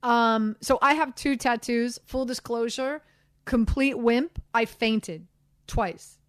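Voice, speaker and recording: A woman hosts a sports talk show, rambling and animated with plenty of fillers and asides. Her voice sits a little high and comes through a dry studio mic with no room sound. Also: slow pace, no echo. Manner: animated, chatty, self-deprecating, many fillers. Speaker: sports radio host. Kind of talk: casual sports talk chat.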